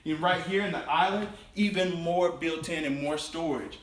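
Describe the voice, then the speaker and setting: Upbeat home-tour host in echoey house. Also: male voice, moderate pace, distant mic, a little hiss or hum. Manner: enthusiastic salesman pitch, addresses viewers as guys. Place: inside a show home, bare rooms. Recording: very echoey room, voice from off the mic.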